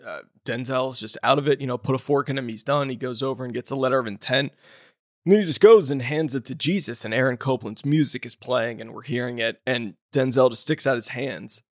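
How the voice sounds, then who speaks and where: A man co-hosting a film podcast, retelling a scene with lively energy. He slips into the voices of the characters as he goes. His pitch is of middle height, and the recording is dry and close. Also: fairly quick, no echo. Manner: animated storyteller who acts out quoted lines. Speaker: podcast co-host. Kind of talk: casual film discussion.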